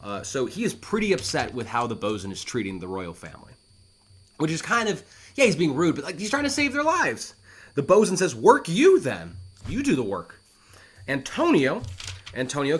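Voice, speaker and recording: A man talks through an old play line by line in a relaxed, conversational teaching manner. His voice sits at a middling pitch but moves in lively swings as he explains. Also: brisk, breathy edge. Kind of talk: casual educational explanation.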